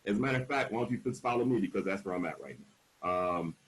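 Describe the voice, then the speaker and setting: A man in his forties speaks in a somewhat low voice as a panel speaker, telling his own story frankly. He leans hard on key words and slips into the voices of the people he quotes. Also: lively intonation, fast, low-quality recording. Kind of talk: candid personal storytelling at a panel.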